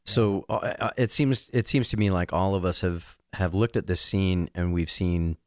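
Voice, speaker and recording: Man, very deep voice, earnest, self-deprecating, book podcast co-host, dry close mic. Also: steady tone, moderate pace, no room sound. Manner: earnest and emotional, reads a passage aloud, self-deprecating. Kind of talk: casual book discussion.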